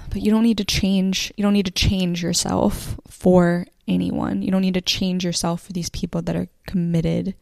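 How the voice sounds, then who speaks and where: A woman hosts her podcast in a low, gravelly voice that stays fairly flat. Her tone is mellow and dark, recorded dry and close with no room sound. She talks heartfelt encouragement to her listeners, swearing casually and close to tears. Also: normal speed, dry recording. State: near tears. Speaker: podcast host. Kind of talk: emotional motivational podcast monologue.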